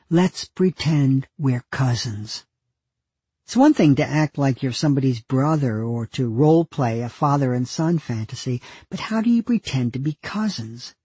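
A man reading his own diary entries aloud with dry, deadpan humor. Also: medium pitch, husky, dry recording. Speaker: narrator.

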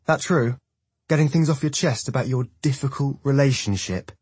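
Man playing a cocky young squadmate, taunting and sneering, pitched up and loud, husky edge. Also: brisk, no room sound. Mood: mocking. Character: mocking young male squad rival.

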